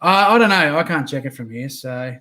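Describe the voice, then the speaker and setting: A man's voice: a little high, lively intonation, brisk, pushed and bright. A man hosting a casual livestream interview, easygoing and rambling with lots of ums and uhs. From Australia. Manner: easygoing, rambling with many fillers. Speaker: livestream host.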